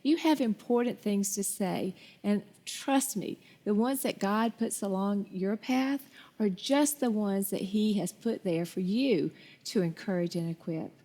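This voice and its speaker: A woman's voice: medium pitch, measured pace, warm tone. A woman hosting a Christian talk show, speaking with effusive, faith-filled encouragement.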